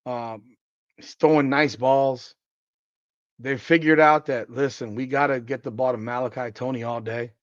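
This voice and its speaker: A man hosting a live sports podcast, hoarse with a worn-out voice, talking in an excitable, profane, trash-talking way while reading the chat. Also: mid-range voice, normal speed, no room sound, dull audio. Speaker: podcast host.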